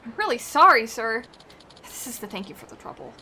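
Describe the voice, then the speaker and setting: Brief: woman playing a naive young game character who panics easily, bright voice. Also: a little high, very animated, a little fast, slight background noise. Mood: sheepish.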